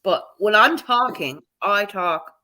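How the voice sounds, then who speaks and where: A woman's voice: medium pitch, animated, slow, pushed and bright. A woman from Newfoundland with a Newfoundland accent, co-hosting a casual chat show, laughing, swearing and teasing. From Newfoundland, Canada. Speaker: co-host.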